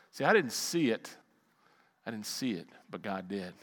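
A middle-aged male pastor preaching a sermon, telling a personal story with animated swings between loud outbursts and quiet asides. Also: on the low side, moderate pace, long reverb tail.

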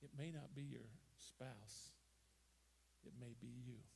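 A man preaching a sermon as pastor, emphatic, swinging from loud bursts to quiet, gravelly delivery. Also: medium pitch, slow, a little hiss or hum. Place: church sanctuary.

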